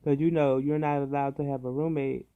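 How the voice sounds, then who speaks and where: A man casually telling a story about his time in hospital, animated and full of profanity. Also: medium pitch, brisk, clean tone, phone-quality sound. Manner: animated, profane, dramatic retelling.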